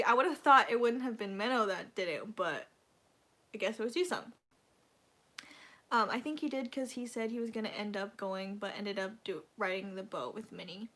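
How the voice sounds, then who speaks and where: A woman's voice: mid-range voice, a bit bright. A woman hosting a casual livestream, chatting to her viewers in a rambling, gushing way full of fillers. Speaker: livestream host.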